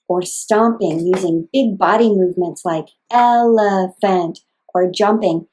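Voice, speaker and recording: A woman speech-language pathologist giving calm, clear, scripted instructions for parents. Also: fairly low pitch, a little slow, slight background noise.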